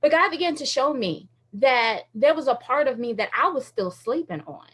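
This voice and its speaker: A woman's voice: high-pitched, normal speed, husky. Chatty woman sharing a faith testimony. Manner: chatty, animated storytelling with frequent laughs; uses many fillers like "like" and "you know". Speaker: radio host and speaker. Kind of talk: casual faith talk.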